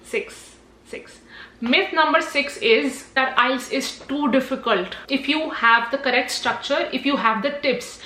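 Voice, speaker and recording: Young woman, chatty and emphatic; high voice in a reverberant room. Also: a little slow, few pauses, sharp tone, a little hiss or hum. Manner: chatty, emphatic, lots of "like" and "trust me". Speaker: IELTS tips vlogger. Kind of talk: casual talking-to-camera advice.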